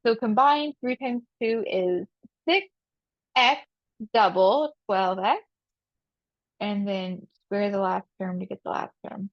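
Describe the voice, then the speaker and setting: A woman's voice: mid-range voice, takes it slowly, pauses often, no echo. A woman teaches a math lesson on video, walking through each step aloud. She poses questions and answers them herself, and she repeats the key rules. Her voice sits mid-range, and the recording sounds dull and dry.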